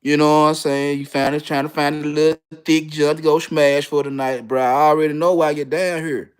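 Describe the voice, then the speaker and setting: Speaking with a Southern Memphis accent, this middle-aged commentator from Memphis, Tennessee goes on an animated rant full of slang and swearing. His clear, resonant voice sits on the high side and moves a little fast.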